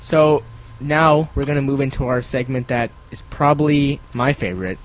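A man's voice: medium pitch, normal speed, poor audio. A man hosting a casual podcast, reading listener emails and chatting in a rambling, apologetic way. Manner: rambling, apologetic, laughs often; reads listener emails aloud. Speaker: podcast host.

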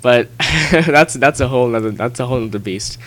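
A man hosting a casual podcast chat, talking in halting bursts with frequent restarts and laughs. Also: mid-range voice, fairly bright tone. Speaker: podcast host.

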